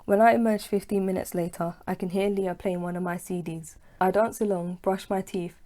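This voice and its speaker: A woman reading her own novel aloud, telling it unhurried in the first person. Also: on the low side, mellow. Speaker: author and narrator. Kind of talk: audiobook reading.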